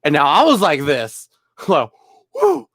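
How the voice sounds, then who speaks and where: A man's voice: on the high side, wildly swooping pitch, measured pace, fairly bright tone, husky, no room sound, studio quality. Rambling young man telling work stories. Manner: rambling, chuckles often. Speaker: bartender. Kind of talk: casual storytelling.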